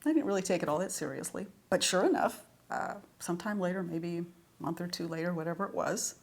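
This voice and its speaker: Chatty woman with a lowish voice. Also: fast talker. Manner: chatty, anecdotal, laughs often. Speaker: series writer. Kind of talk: retrospective interview.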